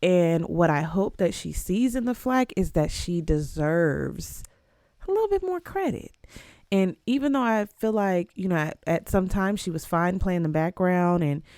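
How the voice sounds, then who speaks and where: Young woman podcast host, low and gravelly, dry close sound, casual and emphatic. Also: animated, a little slow, a little mellow, dry recording. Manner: emphatic and conversational, with sudden jumps up in pitch. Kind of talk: casual solo podcast commentary.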